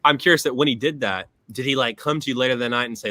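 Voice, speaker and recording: A man with a bright, forceful voice shares personal stories on a podcast. He speaks earnestly and reflectively, swearing casually as he goes. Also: mid-range voice, quick pace. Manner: earnest, profane, reflective storytelling. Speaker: podcast guest.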